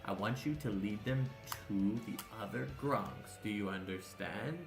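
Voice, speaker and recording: A man voicing a calm, commanding elderly raccoon-folk leader in a tabletop game. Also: fairly low pitch, measured pace, vocal fry, music in the background. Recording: echoey room.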